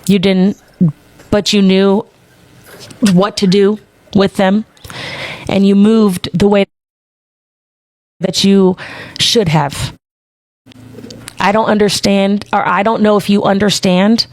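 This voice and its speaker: A woman's voice: mid-range voice, little pitch movement, slow, long pauses, a little mellow, dry recording. A woman hosting a live stream, giving an impassioned speech full of emphatic swearing.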